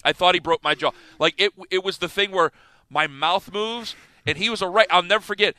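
Man, thirties, sports radio host, animated storyteller, high bright voice, dry close mic. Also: fairly quick, clear, resonant tone, no echo. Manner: animated, laughing storyteller who acts out scenes.

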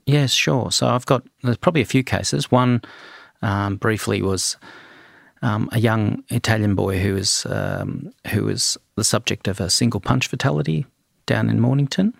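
A middle-aged man, a forensic toxicologist answering interview questions in a measured way, with frequent ums and restarts. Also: fairly low pitch, animated, creaky, no echo, clean studio sound.

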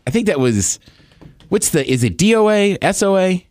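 A man co-hosting a podcast in casual chat, relaxed and supportive with short replies. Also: high voice, normal speed, dry recording. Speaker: podcast co-host.

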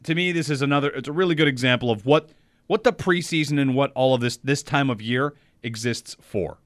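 A man's voice: medium pitch, a little fast, dry recording. A man co-hosting a sports radio show, chatting in a wry way that pokes fun at hype, in a radio studio. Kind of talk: casual sports radio chat.

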